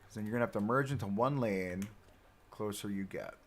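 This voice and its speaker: This is casual game livestream commentary from a man with a lowish voice who speaks briskly. He chats with his audience while building and teases himself along the way.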